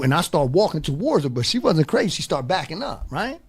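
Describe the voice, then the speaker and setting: Talk-show host, male, gravelly and lively, high-leaning, emphatic storyteller. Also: a little fast, few pauses. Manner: animated and emphatic, says "bro" often. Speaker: podcast host. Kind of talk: casual storytelling.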